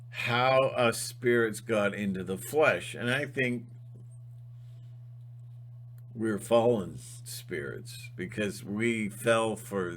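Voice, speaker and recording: A man giving a rambling spiritual monologue, halting and restarting often. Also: fairly low pitch, slight background noise. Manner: halting, full of fillers and restarts. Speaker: channel host.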